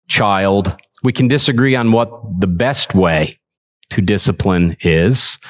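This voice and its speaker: A man preaching a sermon in a church service, earnest, repeating himself, and turning lively as he makes his points. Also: on the low side. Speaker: pastor.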